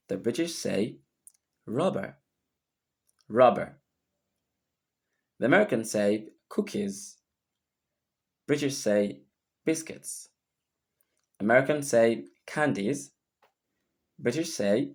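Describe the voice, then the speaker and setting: A man's voice: lowish voice, gravelly, darkish tone. Man spelling words out as a teacher. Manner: spells words out letter by letter, deliberate teaching delivery. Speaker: English teacher. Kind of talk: recorded lesson.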